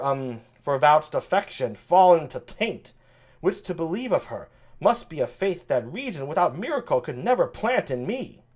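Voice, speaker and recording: A man reading the part of a young king in a soft-spoken yet confident voice. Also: a little high, husky, full character voice.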